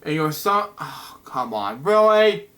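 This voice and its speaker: A man hosting a comic book review channel, reading the pages aloud in a halting, casual way and dropping frequent "wow"s and "anyways". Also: fairly high pitch, big pitch swings, fairly bright tone.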